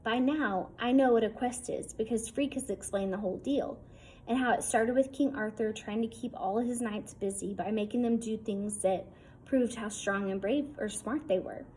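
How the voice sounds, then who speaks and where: A woman's voice: on the high side, normal speed, a little mellow, slight background noise, rough recording. Woman reading a wry, casual first-person story. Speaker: audiobook reader. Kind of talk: first-person novel narration.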